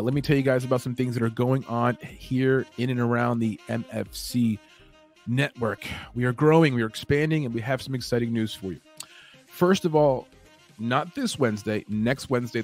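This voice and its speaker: A man's voice: mid-range voice, darkish tone. A man hosting a late-night podcast, talking casually and rambling, with many fillers and self-corrections. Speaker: podcast host. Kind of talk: casual show announcements.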